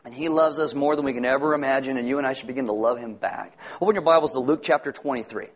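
A man's voice: mid-range voice, fast. A man preaching a sermon, earnest and emphatic, quoting scripture as a pastor.

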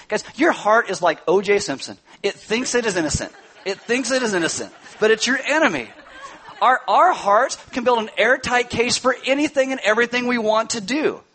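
A pastor preaching a sermon in a conversational way, with joking asides and scripture readings. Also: male voice, extremely high pitch, fairly bright tone, rough recording.

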